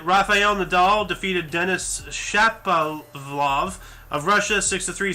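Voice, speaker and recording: A man's voice: high voice, pushed and bright. A man hosting a casual podcast, reading historical events off a list and making chatty, joking asides. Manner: chatty, rattles off scores, jokey asides.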